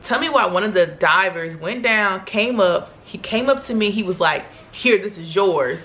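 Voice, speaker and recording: A young woman vlogger telling a story to camera in a chatty, animated way, laughing often and using slang. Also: mid-range voice, moderate pace.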